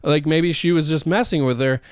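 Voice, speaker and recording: Smooth-voiced man telling a goofy story. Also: a little high, moderate pace, no room sound, clean studio sound. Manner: rambling, self-mocking, with goofy asides. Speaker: podcast host. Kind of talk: solo comedic storytelling.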